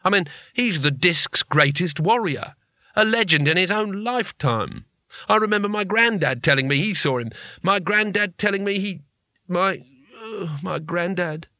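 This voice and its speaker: Brief: man voicing jittery cowardly wizard, stammering, higher pitch, bright tone. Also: very animated, dry recording, full character voice. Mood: flustered. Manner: hurried, stammering. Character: nervous young male wizard, cowardly and flustered.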